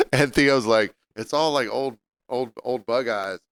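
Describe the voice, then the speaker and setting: A man's voice: mid-range voice, slow pace, fairly bright tone, smooth, no echo, studio quality. A man co-hosting a podcast, telling crude stories in casual banter and laughing often. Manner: laughing, storytelling, crude humor. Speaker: podcast co-host.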